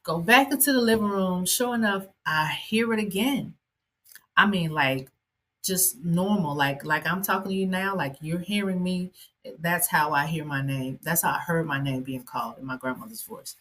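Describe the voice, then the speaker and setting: A woman hosts a podcast and tells a personal story in a loose, conversational way, with many asides. Her voice sits low and sounds husky. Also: moderate pace, fairly bright tone. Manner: conversational, with frequent fillers and asides. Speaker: podcast host and ordained minister.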